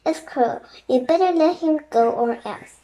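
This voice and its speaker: A young reader voicing Jack, a determined, earnest young boy who speaks firmly in a high voice. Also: measured pace, mellow. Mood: defiant.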